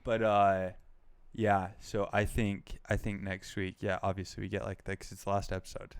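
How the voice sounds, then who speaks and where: A man's voice: fairly low pitch, completely flat delivery, normal speed, vocal fry, clean tone, dry recording. A young man co-hosting a casual pop culture podcast, rambling with lots of "like" and "um". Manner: rambling, heavy use of "like" and "um". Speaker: podcast co-host.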